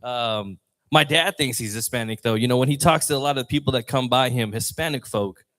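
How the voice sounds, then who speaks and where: A man's voice: mid-range voice, fairly quick, a bit bright. Rambling open mic comedian, a man. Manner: rambling, loose, chatty delivery. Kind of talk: stand-up comedy set. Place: comedy lounge stage.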